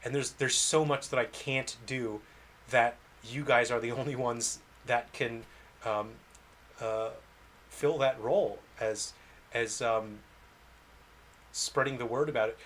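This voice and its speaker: A man chats casually with his livestream audience about being a game developer. He rambles, puts himself down and laughs between thoughts, in a mid-pitched, everyday voice. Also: measured pace, fairly bright tone. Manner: rambling, self-deprecating, laughs often.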